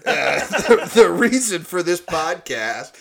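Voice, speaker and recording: A man hosting a casual podcast, relaxed and joking, with plenty of ums and uhs. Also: a little high, slow, creaky. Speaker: podcast host. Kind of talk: casual chat.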